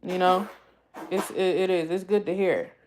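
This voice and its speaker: A young woman from the US East Coast hosts a YouTube livestream, chatting casually with viewers in a heartfelt, rambling way and frequently repeating herself. Her voice is on the low side, steady and a little mellow, at a normal speed, with slight background noise.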